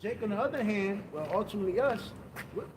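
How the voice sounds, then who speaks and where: A man talking emphatically and roughly about scripture outdoors on a city street. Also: high voice, fast. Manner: emphatic, rough-spoken, preachy. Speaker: street teacher. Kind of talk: outdoor religious street talk. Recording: loud street and traffic noise.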